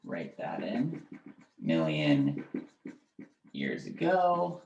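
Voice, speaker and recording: Slow, halting male biology teacher. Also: a bass voice, huge pitch swings, gravelly, darkish tone, highs cut off, slight background noise. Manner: halting, with many fillers and checking questions. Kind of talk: classroom lecture. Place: classroom. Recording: echoey classroom.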